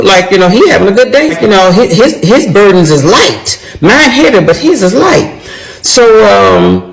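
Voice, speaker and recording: Gravelly middle-aged woman telling a story. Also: medium pitch, moderate pace, low-quality recording. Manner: animated, talks straight to viewers. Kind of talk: casual storytime monologue.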